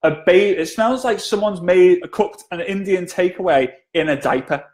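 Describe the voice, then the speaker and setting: A man voicing a young woman news anchor, disgusted and shocked by a foul smell, in a shrill, high tone. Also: moderate pace, darkish tone, roomy sound, natural voice.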